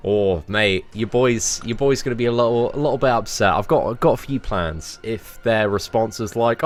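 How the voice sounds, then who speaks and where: A young man giving casual, animated commentary on a game live stream, full of slang and talking to his viewers as mates. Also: lowish voice, moderate pace, few pauses, soft background music. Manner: animated and chatty, heavy slang, calls viewers mate and lads.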